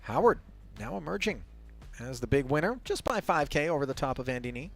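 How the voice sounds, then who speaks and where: A man doing live poker commentary and telling animated stories, laughing as he goes. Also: fairly high pitch, brisk, gravelly, faint music behind. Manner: animated storyteller, laughs through anecdotes.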